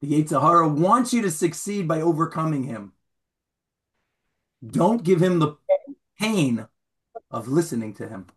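A man teaching a Torah class as rabbi, informal and animated, acting out stories and raising his voice for the punchlines. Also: a little high, unhurried, pauses often. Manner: animated storyteller, shouts when acting out scenes.

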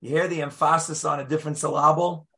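An animated man leads a Torah class with a slightly high voice. He leans into key words, swings his pitch widely, and acts out quotes as he goes. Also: quick pace. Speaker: rabbi teaching a class.

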